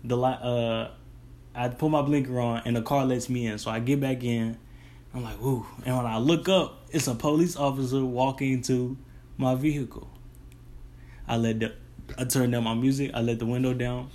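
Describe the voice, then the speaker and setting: A man's voice: mid-range voice, moderate pace. Casual young man telling a story. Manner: rambling, restarts, relaxed colloquial. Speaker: delivery driver.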